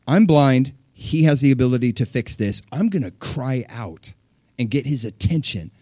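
A man voicing a desperate blind beggar who shouts for mercy, high and strained above a crowd. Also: expressive, moderate pace, no room sound, studio quality, natural voice. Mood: determined.

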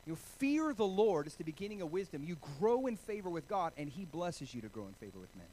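A man from Oregon preaching a sermon, telling stories with animated, self-deprecating humor. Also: sits high, quick pace, slight background noise, rough recording. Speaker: pastor.

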